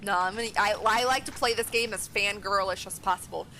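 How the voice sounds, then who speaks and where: A woman's voice: medium pitch, fairly quick, noisy background. A woman game streamer chatting casually and reading game dialogue aloud. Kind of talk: casual gameplay commentary.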